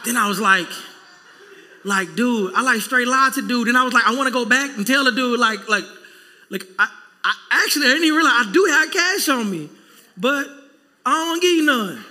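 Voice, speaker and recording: Male pastor, sermon, animated storyteller; bright forceful tone, reverberant hall. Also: very high-pitched, fairly quick. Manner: animated, acts out everyday dialogue. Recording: long reverb in a church hall.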